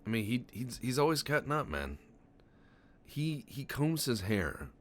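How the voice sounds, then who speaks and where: A man commenting on a game he is playing, telling long absurd stories in a deadpan way, stammering and swearing often. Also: medium pitch, a little slow, a little hiss or hum. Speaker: Let's Play commentator. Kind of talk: casual game commentary with rambling tall tales.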